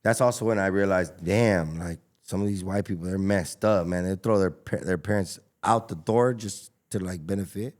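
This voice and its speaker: A man, a taco restaurant owner telling stories as a guest in a casual podcast interview, animated and full of slang. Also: low-pitched, normal speed, few pauses. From Los Angeles. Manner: animated storyteller, slangy, acts out dialogue.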